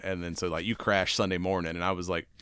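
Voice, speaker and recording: A man hosting a casual podcast, hoarse and raspy after a weekend of cigars and whiskey, talking in a laid-back, rambling way with easy laughs. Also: low-pitched, flat delivery, fast talker, a bit bright, dry recording. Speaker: podcast host.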